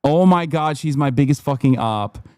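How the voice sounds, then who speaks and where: A man reacting live on stream with a slightly raised pitch. He talks loudly and swears freely, with animated outbursts. The sound is dry and close. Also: moderate pace, clear, resonant tone, no echo. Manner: loud, profane, animated outbursts.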